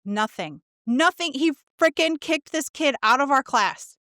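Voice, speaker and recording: Brief: woman podcast co-host, animated storyteller, higher voice, dry close mic. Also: a little slow, no room sound. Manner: animated storyteller, acts out quotes, swears. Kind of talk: casual storytelling chat.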